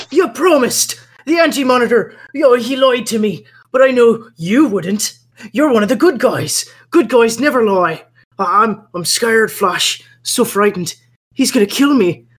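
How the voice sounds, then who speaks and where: A woman's voice: on the high side, slightly rough. A woman voicing a frightened, cowardly male villain who pleads in a whiny voice.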